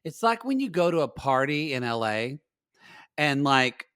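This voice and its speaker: A man, co-hosting a podcast and recapping a reality show in animated casual chat with loud dramatic outbursts. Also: fairly high pitch, measured pace, smooth, no echo, clean studio sound. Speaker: podcast co-host.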